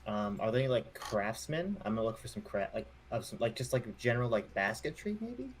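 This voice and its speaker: A man playing a tabletop game, asking questions in a hesitant, halting way. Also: mid-range voice, very animated, slight background noise. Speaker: player. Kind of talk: casual game chat.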